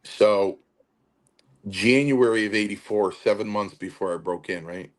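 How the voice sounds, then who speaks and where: A man's voice: lowish voice, measured pace. A man in his sixties, a retired pro wrestler and guest, telling stories casually and acting out the quotes with lots of fillers. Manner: animated, acts out quotes, many fillers. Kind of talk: casual storytelling.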